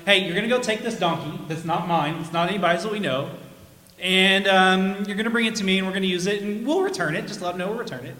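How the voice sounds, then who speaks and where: A man's voice: sits high, quick pace, sharp tone. A man playing Jesus casually instructing his disciples, in an echoey hall. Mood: reassuring. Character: calm Jesus giving disciples an errand.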